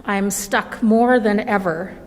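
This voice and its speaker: Woman, mid pitch, reading a storybook aloud, very slow and careful, gentle, reverberant church hall. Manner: gentle, measured, deliberate reading. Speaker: reader at a church service. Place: church sanctuary. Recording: long reverb of a large hall.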